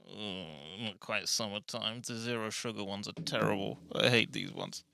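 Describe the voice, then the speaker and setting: A man's voice: lowish voice, expressive, unhurried, vocal fry, pushed and bright. A man hosting his own podcast from a small bedroom studio, rambling and self-mocking in a casual chat to the camera. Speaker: podcast host. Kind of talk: casual solo podcast intro.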